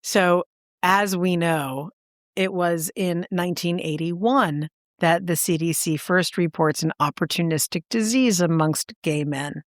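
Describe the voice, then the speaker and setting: A woman co-hosting a podcast, telling a story in casual chat with animated enthusiasm and sudden jumps in pitch for emphasis. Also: unhurried, no echo, clean studio sound. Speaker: podcast co-host.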